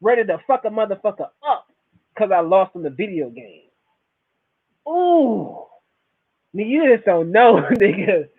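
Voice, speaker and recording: A man in his thirties talking in a casual monologue, animated and repetitive, full of swearing and rhetorical questions. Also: high-pitched, fairly quick, husky. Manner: animated, repetitive, profane storytelling. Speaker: podcast host. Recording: tinny phone-like recording.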